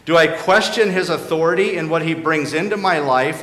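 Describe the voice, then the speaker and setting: A man preaching a sermon as pastor, earnest and questioning, dropping to quiet emphasis on key points. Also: a little high, moderate pace, hardly any pauses. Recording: echoey hall with faint background noise.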